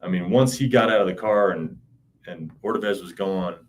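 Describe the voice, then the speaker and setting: A man's voice: low voice, normal speed. A man in his thirties in an interview, recounting events in a rambling, profane, casual way with frequent "you know". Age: 30s. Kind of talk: casual spoken recollection.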